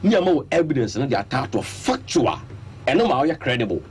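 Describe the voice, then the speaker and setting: Brisk and husky, this mid-range male voice carries a Ghanaian accent on a studio radio broadcast. He talks sports in a blend of Twi and English, animated and insistent, working through his points in order.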